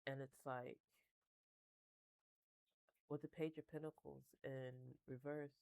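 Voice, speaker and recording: Gravelly, mellow-voiced tarot reader. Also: medium pitch, flat delivery, slow pace, dry recording, low-quality recording. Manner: rambling, chatty, with frequent laughs and casual swearing. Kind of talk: casual tarot reading to camera.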